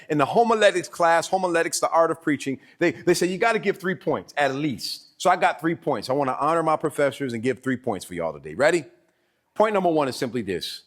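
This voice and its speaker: Southern male pastor, higher-pitched voice, lively emphatic sermon delivery. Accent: Southern American. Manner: animated preaching with laughs and emphatic repeats. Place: church sanctuary.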